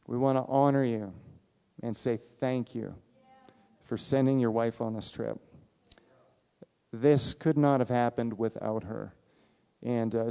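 A man addresses his church, his voice smooth and clear at an ordinary middle pitch. He talks with eager warmth, peppered with little fillers. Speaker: church trip leader. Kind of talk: church service announcement.

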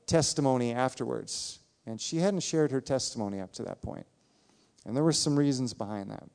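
A man addresses his church, his voice smooth and clear at an ordinary middle pitch. He talks with eager warmth, peppered with little fillers. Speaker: church trip leader. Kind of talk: church service announcement.

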